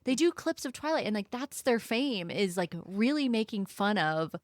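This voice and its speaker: A woman hosting a podcast in a casual chat, talking in an animated, rambling way. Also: a little high, normal speed, no room sound, studio quality. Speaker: podcast host.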